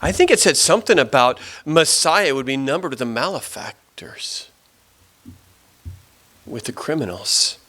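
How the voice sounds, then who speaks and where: A man voicing a repentant thief on a cross, sneering at first and later pleading, in halting, repeated phrases. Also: mid-range voice, big pitch swings, sharp tone, full character voice. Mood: uneasy.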